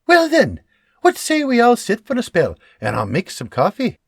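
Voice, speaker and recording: A man doing a brisk, practical older wife. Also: very high-pitched, huge pitch swings, creaky, breathy edge, no echo, studio quality, pitched above the performer's own voice, heavily acted.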